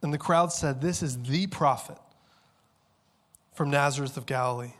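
A man in his thirties preaching a sermon with passion, dropping to hushed tones and then rising to loud, urgent peaks. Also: mid-range voice, normal speed. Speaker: pastor.

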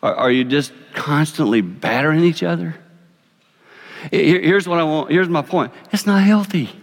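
A man in his fifties with a South Carolina accent gives a folksy, animated sermon with an object lesson. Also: fairly high pitch, normal speed, vocal fry. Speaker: speaker. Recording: long reverb of a large hall.

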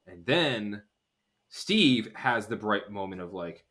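A man's voice: fairly low pitch, animated, pushed and bright. Rambling podcast co-host man. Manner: rambling, acts out characters' lines in quick bursts. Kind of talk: casual chat recapping a TV episode.

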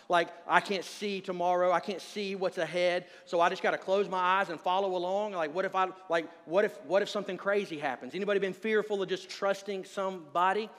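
A man's voice: high voice, fairly quick, few pauses. A man in his thirties, a pastor, giving a sermon in a casual, conversational way, telling stories and asking the congregation questions. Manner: conversational, animated storytelling with asides to the congregation. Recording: long hall reverb.

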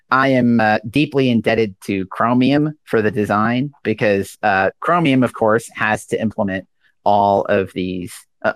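Low-voiced man explaining tech, hesitant. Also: fairly bright tone, no room sound. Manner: hesitant, full of ums and uhs. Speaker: guest speaker. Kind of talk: casual technical discussion.

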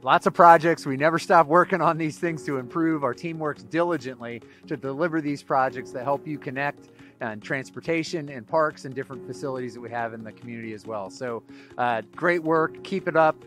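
A man's voice: on the high side, brisk, a bit bright, soft background music. Upbeat man wrapping up a civic update. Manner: upbeat, promotional. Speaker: city leader hosting the update.

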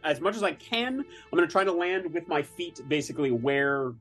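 A man's voice: fairly high pitch, lively intonation, normal speed, fairly bright tone, faint music behind. A man playing a tabletop game, talking casually with many restarts and a wry, self-mocking manner. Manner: hesitant, full of restarts, wry.

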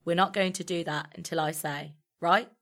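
A woman's voice: lowish voice, steady tone, moderate pace, a bit bright. Bossy teenage ringleader, read by a woman. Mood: commanding. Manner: commanding, emphatic.

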